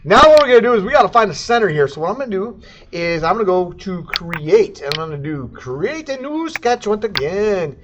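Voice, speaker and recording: Goofy high-voiced man teaching CAD. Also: sing-song, a little fast, noisy background. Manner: goofy, jokey, sound effects and silly accents. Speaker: CAD instructor. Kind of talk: casual screen-recorded tutorial.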